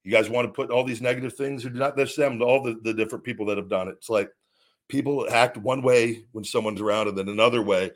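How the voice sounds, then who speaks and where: A man's voice: medium pitch, fairly even intonation, fast. A middle-aged man hosting his own talk show, telling a story in a blunt, profane, rambling way and acting out what others said. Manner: quotes others in retold dialogue. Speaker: host. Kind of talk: casual solo talk.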